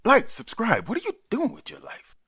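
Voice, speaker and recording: A man's voice: extremely high pitch, wildly swooping pitch, moderate pace, background noise. An American man hosting a reaction video, with goofy, jumpy commentary and silly asides. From United States.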